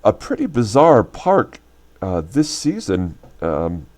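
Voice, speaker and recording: Man, host, croaky sick-sounding voice, lively swinging pitch, rambling casual commentary. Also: slow. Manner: loose, rambling, full of fillers. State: deep sick voice recovering from illness. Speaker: host of a baseball season replay channel.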